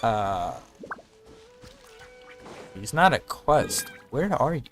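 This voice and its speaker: A man's voice: mid-range voice, very animated, drawn-out words, a bit bright, soft background music. Man joking through casual gameplay commentary. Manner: joking, talking to himself while playing. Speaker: streamer.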